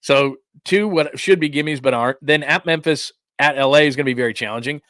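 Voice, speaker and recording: A man's voice: on the high side, brisk, fairly bright tone, dry recording, clean studio sound. A man hosting a casual sports talk show, chatting with viewers in a rambling, self-interrupting way.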